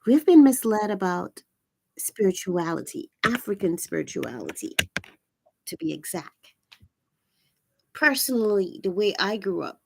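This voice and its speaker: Woman host, raspy, earnest and preachy; unhurried delivery, dry sound. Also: mid-range voice, a little mellow, no room sound. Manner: earnest, preachy, repeats phrases for emphasis. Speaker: channel host. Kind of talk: live-streamed spiritual talk.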